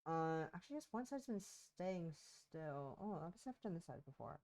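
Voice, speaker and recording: A woman's voice: on the low side, big pitch swings, normal speed, darkish tone. Rambling woman streamer with sore throat. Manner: rambling, self-interrupting, chatty. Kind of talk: casual gameplay chat. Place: home.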